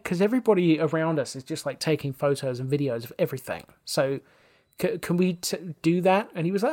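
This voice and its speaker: Man, somewhat high-pitched, podcast guest, casual anecdote, animated, acts out quotes, casual swearing. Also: normal speed.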